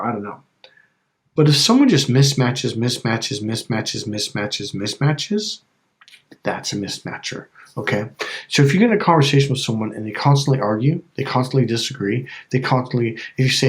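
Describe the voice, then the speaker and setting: A man giving a casual coaching talk, emphatic and repetitive, often checking in with "okay?". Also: medium pitch. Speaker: life and relationship coach.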